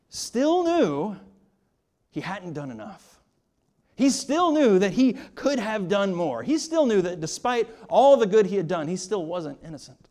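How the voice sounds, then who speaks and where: A pastor delivers a sermon in a slightly high male voice, pushing his points with rhetorical questions. He often repeats a word as he starts a phrase, and his emphasis swells up and falls back to a hush.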